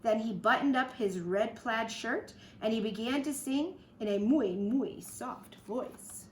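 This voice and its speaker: A woman's voice: on the high side, unhurried. A woman teacher reading a picture book aloud to children, with chatty asides to the kids. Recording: echoey room.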